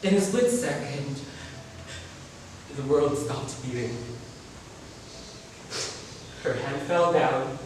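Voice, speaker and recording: A man's voice: medium pitch, expressive, slow pace, long pauses, a little hiss or hum. A young man with a Filipino accent performing a dramatic monologue in a theatrical, emotive way. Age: young adult. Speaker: student contestant. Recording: echoey room, distant mic, faint ambience.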